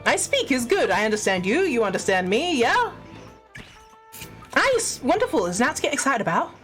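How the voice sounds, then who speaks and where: A woman voicing a cheerful, eccentric male tourist who talks in chirpy, simple, halting phrases. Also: on the high side, very animated, fairly bright tone, faint music behind.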